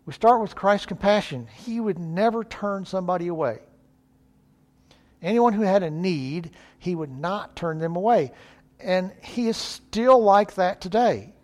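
A man's voice: high-pitched, unhurried, darkish tone. A male preacher, giving an earnest, folksy sermon.

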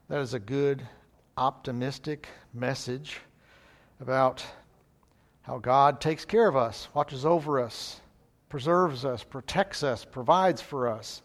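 A man preaching a sermon, reading scripture and telling folksy joke stories, clearing his throat now and then. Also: mid-range voice, takes it slowly. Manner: folksy storytelling with jokes.

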